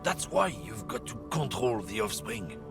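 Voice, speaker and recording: A man doing a gravelly, swaggering bigoted trucker. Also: on the low side, sing-song, unhurried, a bit bright, soft background music, heavily acted. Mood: boastful. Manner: swaggering, boastful, sneering. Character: gruff bigoted middle-aged male trucker. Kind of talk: voicing game dialogue on a livestream.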